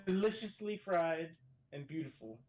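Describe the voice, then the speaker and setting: Profane, lively storytelling man. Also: on the high side, normal speed, music in the background. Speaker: podcast guest. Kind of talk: casual podcast chat. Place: hotel room.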